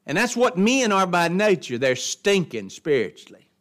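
Man, somewhat high voice, folksy and emphatic Bible teacher, preaches his points. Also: big pitch swings, moderate pace, fairly bright tone. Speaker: adult Bible class teacher. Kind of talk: verse-by-verse Bible lesson.

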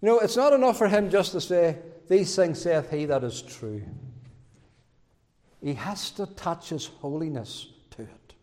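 High-voiced, slow-preaching man in a reverberant church. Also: lively intonation, darkish tone. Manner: emphatic preaching with swells in pitch and many repetitions. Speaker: pastor. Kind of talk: sermon.

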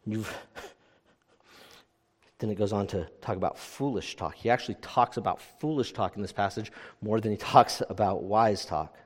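A man's voice: lowish voice, measured pace, in a large hall. A man with young kids preaching a sermon, talking conversationally and often checking in with "right?". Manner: conversational preaching, frequent "right?" tag questions. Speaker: pastor.

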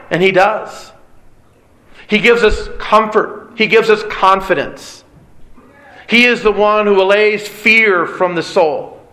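Bright-voiced earnest man preaching. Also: high voice, poor audio. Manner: earnest, emphatic preaching with pauses and repetition. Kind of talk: sermon.

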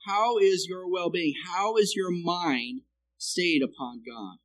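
A man preaching a sermon who explains the Hebrew text and keeps checking in with "okay?", his loudness rising and falling. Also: sits high, slow, rough recording.

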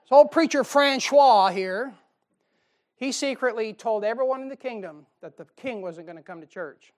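A middle-aged man preaches to his congregation in a homespun, joking manner. His voice climbs into loud, emphatic bursts, then drops low for quiet asides. He sounds like a pastor at the pulpit of his church. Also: normal speed. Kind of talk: sermon. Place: church sanctuary.

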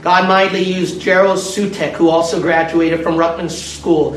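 A man preaching a sermon and telling stories in an animated way. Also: on the high side, moderate pace. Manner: animated, storytelling with energy. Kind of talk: sermon storytelling. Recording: echoey room from far off with faint noise.

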